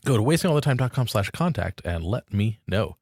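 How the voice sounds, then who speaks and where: A man's voice: on the low side, very animated, brisk, a little mellow, breathy edge, no echo, studio quality. A man hosting a comedy podcast, chatting casually and announcing the countdown. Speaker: podcast host. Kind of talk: casual chat, introducing segments.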